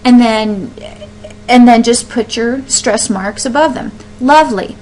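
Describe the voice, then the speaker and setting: Woman, teacher, explains step by step, sounds words out slowly, slightly high voice, faint background noise. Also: a little mellow, poor audio. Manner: explains step by step, with fillers and restarts; says words aloud slowly to show stress. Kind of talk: classroom lesson on poetry.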